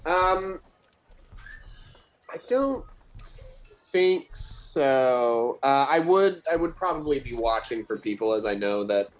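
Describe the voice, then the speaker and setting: A man's voice: medium pitch, lively intonation, slow, long pauses, rough recording. A man playing in a tabletop game, hesitant and giggly. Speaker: player. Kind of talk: casual tabletop play.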